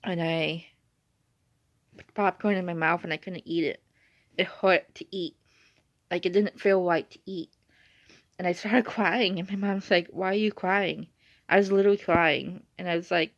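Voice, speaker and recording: Young woman vlogger, low and gravelly, chatty rambler, dry dull phone-quality sound. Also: steady tone, normal speed, long pauses, no echo. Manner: rambling, uses "like" a lot. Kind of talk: casual chatty storytelling. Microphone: phone or device screen.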